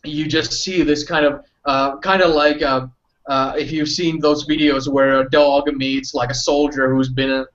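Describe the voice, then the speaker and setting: A man's voice: fairly high pitch, level tone, unhurried, fairly bright tone. A man narrating a tabletop game as game master, rambling and full of fillers. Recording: muffled lo-fi audio.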